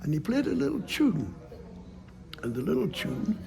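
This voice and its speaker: A man tells a folk tale aloud in a high, gravelly voice. He is playful and lively, with sound effects and sudden hushes. He keeps the pace warm and full of play. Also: normal speed, loud music behind the voice. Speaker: storyteller. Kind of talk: oral folk storytelling.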